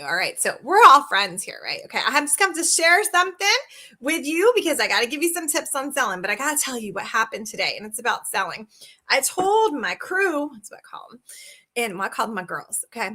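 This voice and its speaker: A woman's voice: high-pitched, bright, forceful tone. A woman sales coach chatting bubbly and directly to viewers in a live video, talking into a phone. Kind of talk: live social media video talk.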